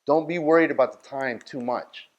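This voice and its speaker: A man's voice: medium pitch, normal speed. A man leading a workshop, talking bluntly and directly and often checking that his listeners follow. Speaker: outreach workshop leader. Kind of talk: workshop talk.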